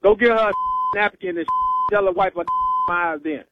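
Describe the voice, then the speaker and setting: A man's voice: high voice, moderate pace, noisy background. A man on a phone call, laughing and dismissive as he argues back. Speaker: prank call target. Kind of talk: phone argument. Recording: lo-fi phone line.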